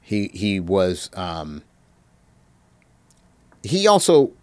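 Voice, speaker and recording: A man telling stories as an interview guest, reflective and halting, with many pauses and fillers. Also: low-pitched, wildly swooping pitch, dry recording. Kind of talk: reminiscing anecdotes.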